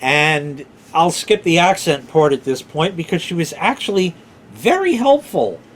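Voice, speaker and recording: A man's voice: fairly high pitch, very animated, unhurried, slight background noise. A man casually telling a rambling personal story, informal, with filler words and the odd swear. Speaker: vlogger.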